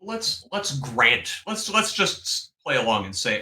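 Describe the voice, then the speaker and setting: A man's voice: medium pitch, very animated, unhurried, few pauses, bright, forceful tone, echoey room, poor audio. A man on a discussion panel, speaking sardonically with frequent restarts. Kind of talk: political discussion.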